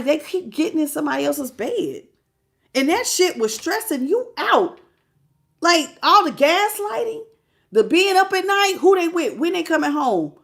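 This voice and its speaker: A woman reads tarot live for her viewers. Her voice sits a little high, and she talks in a chatty, animated way that keeps spilling into emotion, as if she is close to tears. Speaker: tarot reader.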